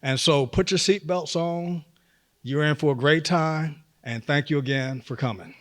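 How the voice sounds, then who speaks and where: Folksy man with a slightly high voice opening a museum event. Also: a little slow. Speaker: event host. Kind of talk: opening remarks at a lecture. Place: museum auditorium.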